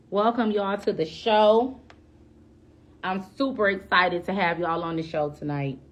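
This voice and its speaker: A woman's voice: fairly low pitch, animated, normal speed. A woman hosting a live-stream show, chatting casually and greeting her viewers by name with bubbly, effusive energy.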